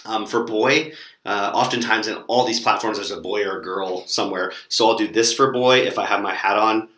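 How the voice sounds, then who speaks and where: A man's voice: on the low side, normal speed, roomy sound. A young man casually sharing tips for teaching online classes, with lots of ums and demonstrated words. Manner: relaxed, lots of fillers, demonstrates words with gestures.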